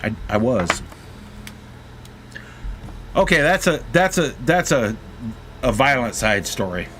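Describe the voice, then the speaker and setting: A middle-aged man streams a game and spins a rough, profane yarn between moves. His voice swings widely in pitch as he tells it, and a faint hiss of noise sits under it. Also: slow pace. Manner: profane, animated storytelling, shouts quoted lines. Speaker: gaming streamer. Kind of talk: casual storytelling while playing.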